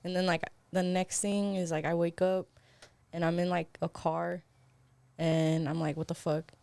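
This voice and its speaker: A woman's voice: lowish voice, little pitch movement, moderate pace, gravelly, darkish tone, dry recording. A young woman co-hosting a podcast who tells a story in loose, laughing chat, swearing freely and leaning on "like". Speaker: podcast co-host. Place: podcast studio.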